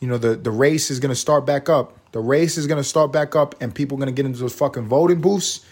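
A man's voice: medium pitch, fast talker, darkish tone, breathy edge. A man hosting his own podcast, ranting in a profane, sarcastic and rambling way. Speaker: podcast host. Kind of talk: casual rant.

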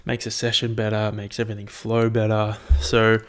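A man's voice: fairly low pitch, completely flat delivery, moderate pace, smooth. A young man casually recapping his training, rambling and swearing freely in an upbeat way. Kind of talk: casual chat.

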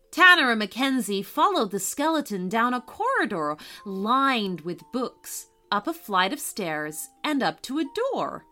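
Slow, bright woman storyteller. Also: a little high, very animated, soft background music. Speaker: storyteller and podcast host. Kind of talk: bedtime story narration.

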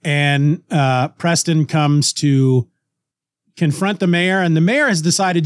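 A man co-hosting a chatty podcast, retelling a comic plot with animated energy and frequent restarts. His voice sits a little high for a man. The sound is dry and close, with no room echo. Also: slow pace. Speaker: podcast co-host. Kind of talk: casual chat retelling a comic story.

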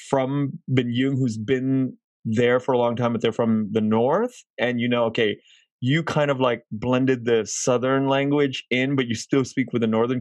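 A man's voice: medium pitch, a little mellow, no echo, poor audio. A man hosting a casual podcast interview, asking curious, long, rambling questions. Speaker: podcast host.

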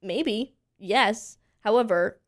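A woman in her twenties, a voice teacher from Pennsylvania, chatting as an interview guest and telling animated stories full of fillers. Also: mid-range voice, slow pace. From Pennsylvania, USA. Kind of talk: casual interview chat.

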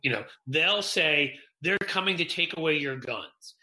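A man co-hosting a political podcast, talking in a halting way with restarts and some swearing. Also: fairly high pitch, expressive, sharp tone, roomy sound, poor audio. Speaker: podcast co-host. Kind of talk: political commentary chat.

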